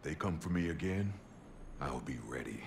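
Tough, calm crime boss for a game, very deep and gravelly, heard over background noise. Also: male voice, normal speed, exaggerated voice. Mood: gruff.

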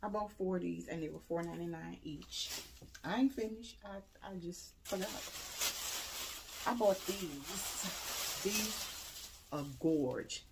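A woman showing off holiday decorations she bought, talking casually and excitedly straight to her viewers. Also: lowish voice, slow, vocal fry, long pauses, noisy background. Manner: enthusiastic, addresses viewers directly, exclaims over items. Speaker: home decor vlogger. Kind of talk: casual haul show-and-tell.

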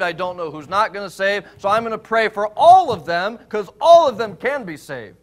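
A man preaching a sermon, pastor of a church, emphatic with rhetorical questions, swinging between loud stress and quiet scripture reading. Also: sits high.

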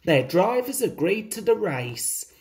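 A woman reading a children's story aloud, gentle and expressive, confiding in the listener. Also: medium pitch, measured pace.

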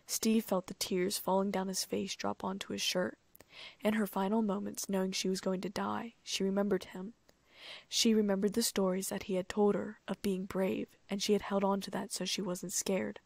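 A woman narrating a fan fiction audiobook in a steady, even reading voice. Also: mid-range voice, normal speed, creaky, no echo. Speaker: audiobook reader.

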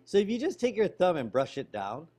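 A man teaching a ukulele lesson over a video call, explaining strumming technique in a relaxed way while he demonstrates. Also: sits high, fairly quick, soft background music. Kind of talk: online music lesson. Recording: ukulele playing loud behind voice.

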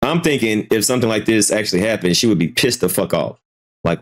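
A man talks through his reaction on a live commentary stream, circling back over his own words and cursing freely. His pitch moves around a lot, jumping high when he gets worked up and dropping low when he trails off. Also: lively intonation, brisk. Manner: hesitant, repeats himself, swears freely. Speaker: commentary channel host.

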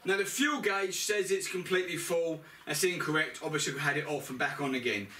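A motorbike mechanic vlogger talks casually through a service he's doing, chatty, grumbling and matter-of-fact. His voice is a little high and sharp, and he speaks fairly quickly. A distant camera mic gives the sound a roomy quality.

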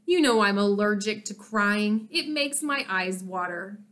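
Woman reading as a gruff, teasing bossy lady. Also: medium pitch, a little slow, a bit bright, close to an everyday voice. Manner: brusque, teasing.

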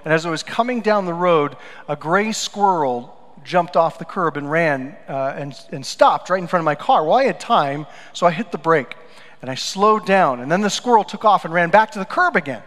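A man with a fairly high voice preaches a sermon in a church. His delivery swings between loud, emphatic lines and quiet, low asides as he tells stories. The sound rings with a long hall reverb. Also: lively intonation, moderate pace. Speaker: pastor. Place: church sanctuary.

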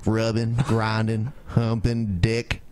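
A man's voice: fairly low pitch, completely flat delivery, takes it slowly, darkish tone, clean tone, dry recording. A man co-hosting a comedy podcast, reading ads aloud, often breaking into giggles and stumbling over words. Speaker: podcast co-host.

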